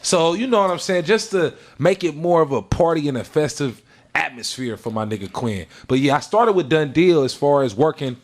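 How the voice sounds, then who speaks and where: A man's voice: on the high side, lively intonation, normal speed. A man from San Francisco chatting as a podcast guest, telling stories in a laid-back, slangy way. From San Francisco, California. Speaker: guest, mixtape host and former hype man. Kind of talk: casual podcast chat.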